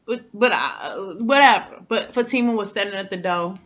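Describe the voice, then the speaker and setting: Animated woman with a bright voice. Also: mid-range voice, moderate pace. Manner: animated, talks straight to viewers, repeats words. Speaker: TV recap vlogger. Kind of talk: casual chatty TV recap.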